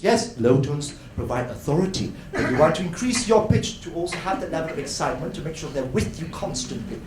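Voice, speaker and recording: Animated man lecturing in an echoey hall. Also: high voice, brisk, few pauses, crowd noise. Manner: animated, playful, acts out voices and laughs often. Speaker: conference workshop speaker. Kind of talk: lively educational talk to an audience. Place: hotel conference room. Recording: roomy hall with faint noise.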